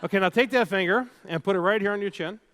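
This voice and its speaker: A man with a high-pitched voice delivers a keynote from a stage before a live audience. He tells stories with animation and playfully leads the crowd through exercises. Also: quick pace, fairly bright tone. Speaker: keynote speaker.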